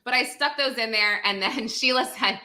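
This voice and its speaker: Casting: bright, sharp-toned female host, rambling casual chat on a video call. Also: a little high, moderate pace. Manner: chatty, rambling with fillers. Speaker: podcast host.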